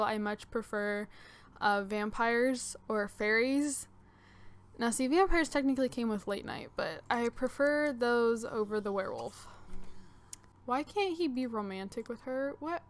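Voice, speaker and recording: A young gaming channel host with a slightly high, smooth voice casually comments on her own gameplay in a let's-play. She thinks aloud about what to do next, using lots of fillers.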